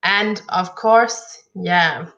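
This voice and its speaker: A woman teaching an online English lesson, explaining words clearly and encouragingly. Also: fairly low pitch, extremely slow, a bit bright, dull audio.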